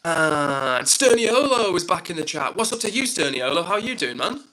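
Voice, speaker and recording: A man's voice: fairly high pitch, very animated, moderate pace, pushed and bright, a little hiss or hum, rough recording. A young man hosting his own live stream, chatting casually and reading out viewer comments in an upbeat, self-deprecating way.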